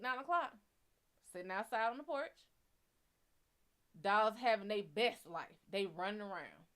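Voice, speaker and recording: A woman's voice: on the high side, fairly bright tone. Blunt, profane woman telling a story. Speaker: psychic reader and show host. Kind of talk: casual storytelling.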